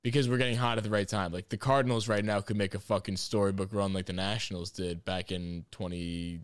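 Low-voiced man ranting about baseball. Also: fairly quick, clean tone, dry recording. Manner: excitable, swears freely, rambling. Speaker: podcast co-host. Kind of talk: casual sports chat.

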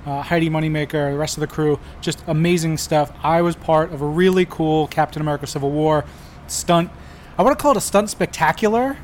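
A man reporting as a podcast correspondent, chatting in a lively, teasing way. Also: fairly high pitch, brisk, slight background noise. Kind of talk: casual banter.

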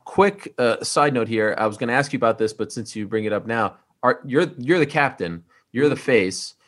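Male interviewer, mid pitch, casual and probing, chatty questioning style. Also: moderate pace, a bit bright. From Canada. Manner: probing, loose questions with "you know" and "right?".

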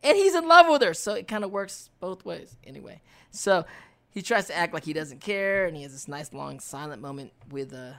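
A man's voice: on the high side, normal speed, vocal fry, fairly bright tone. A man co-hosting a podcast, recapping an episode in casual chat with playful, slangy jokes. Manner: playful, joking asides in slang. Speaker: podcast co-host.

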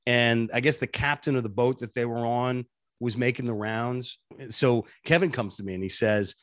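A man who is a radio personality, telling stories as an interview guest in an animated way and laughing often. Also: mid-range voice, normal speed, no room sound, studio quality. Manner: animated, laughs often, jumps between voices. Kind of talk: casual interview storytelling.

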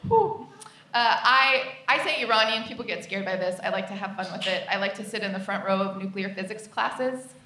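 A woman from the United States performing stand-up comedy on a live stage, with deadpan, repeated punchlines. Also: medium pitch, brisk. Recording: echoey live venue, distant mic, noise.

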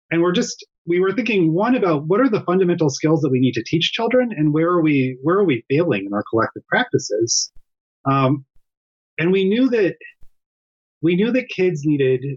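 A man's voice: medium pitch, muffled recording. A middle-aged man, a developmental psychologist, explaining his work earnestly as a guest in a remote interview from home. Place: home during lockdown.

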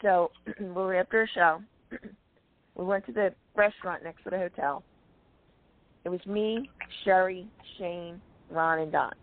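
A woman's voice: fairly low pitch, unhurried, long pauses. Chatty woman on a tinny phone line. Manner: chatty, clears her throat often. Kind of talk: casual storytelling chat. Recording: dry tinny call-quality sound.

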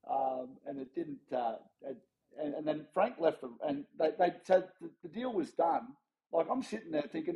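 A lively Australian man in his forties, guesting on a casual interview, tells anecdotes and mimics the voices of people he quotes, with lots of fillers and restarts. His voice is a little high and moderately paced, and the recording is rough.

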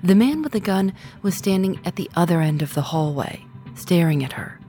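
A woman hosting a podcast, giving measured scripted narration. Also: fairly low pitch, expressive, dark tone. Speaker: podcast host. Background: music.

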